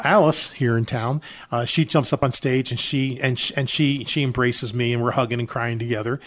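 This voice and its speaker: A man's voice: medium pitch, a bit bright. Older man telling a heartfelt story. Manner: addresses listeners as folks, frequent uh fillers. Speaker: charity organizer, guest. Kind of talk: emotional personal storytelling.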